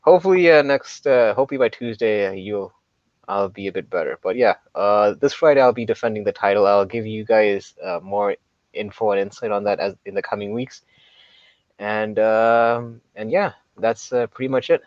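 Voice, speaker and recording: A man's voice: lowish voice, normal speed, dry recording. A man co-hosting a casual live-stream chat, nasal and congested from allergies, joking about it. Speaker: co-host. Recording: dull, dry sound.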